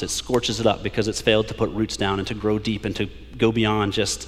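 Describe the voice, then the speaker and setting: A man preaching a sermon as a pastor, building to emphatic peaks and slowing down to read scripture aloud. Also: lowish voice, little pitch movement, long reverb tail. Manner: preaching with rising emphasis, drawn-out scripture quotes. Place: church sanctuary.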